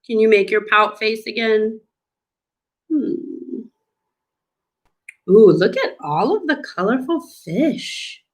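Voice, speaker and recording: Lady doing a slow kids' storytime read-aloud, very bouncy sing-song voice, stretches every word out. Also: a little high, lively intonation. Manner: slow, sing-song, encouraging teacher talk with drawn-out words. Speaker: speech therapy clinician reading to children.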